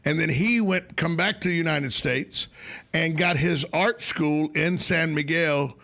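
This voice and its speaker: A man's voice: fairly high pitch, a little slow, creaky, sharp tone. A man hosting a radio talk show, telling travel stories in casual rambling chat. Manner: storytelling, rambling with restarts.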